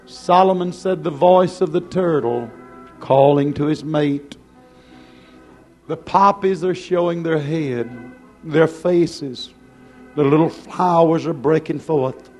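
A male pastor preaches a sermon in a somewhat high voice, drawing out each phrase at an unhurried pace. He pleads and exhorts with growing passion while soft music plays faintly in the background.

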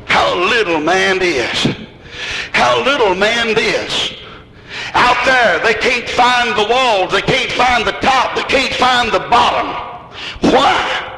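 A man preaching a sermon in folksy country grammar, asking the crowd questions and rising to shouts. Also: extremely high pitch, takes it slowly, vocal fry. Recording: echoey hall with noise.

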